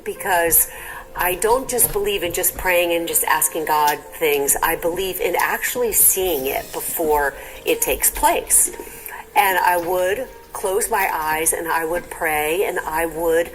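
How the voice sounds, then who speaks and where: A woman's voice: lowish voice, takes it slowly, a little hiss or hum, rough recording. An older woman, a mother, earnestly giving a prayerful personal testimony. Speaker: interviewee, mother.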